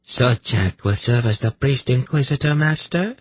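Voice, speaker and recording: A man's voice: medium pitch, very animated, a little slow, a bit bright, breathy edge, no room sound, pitched above the performer's own voice, exaggerated voice. A man voicing a cruel, scheming priestess with a throaty, purring voice and a smug, haughty manner.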